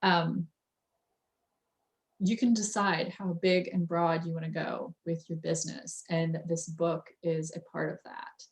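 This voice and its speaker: A woman's voice: on the low side, little pitch movement, measured pace. A woman in her thirties hosting a casual interview, chatting with frequent fillers and restarts. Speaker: host.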